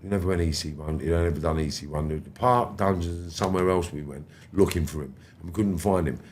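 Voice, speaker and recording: A man's voice: sits low, a little fast, slight background noise. A man in his fifties, a podcast guest telling stories casually and animatedly, acting out other people's lines and swearing freely. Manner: animated, acts out quoted voices, swears freely. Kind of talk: casual storytelling.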